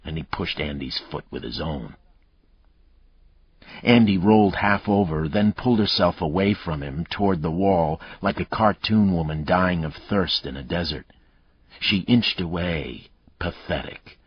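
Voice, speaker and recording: A man reading a thriller audiobook aloud in measured, dramatic narration. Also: low-pitched, husky, no echo, lo-fi sound.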